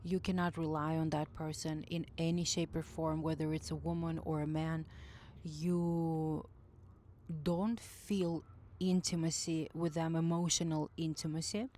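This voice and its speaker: A woman's voice: low voice, little pitch movement, measured pace, mellow, slight background noise. A woman giving intuitive spiritual advice in a casual monologue, speaking earnestly, often searching for words and rephrasing herself. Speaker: intuitive message reader.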